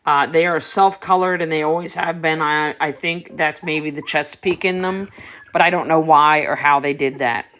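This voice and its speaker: A woman's voice: low-pitched, fairly even intonation, normal speed, fairly bright tone. A woman dog breeder chatting casually on a livestream, answering viewer comments while tending puppies.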